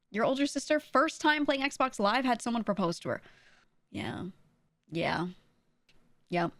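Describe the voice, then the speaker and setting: A woman's voice: fairly high pitch, sing-song, unhurried, gravelly, pauses often, a bit bright, dry recording, clean studio sound. A young woman streaming, chatting casually with viewers, laughing often and acting out quoted voices.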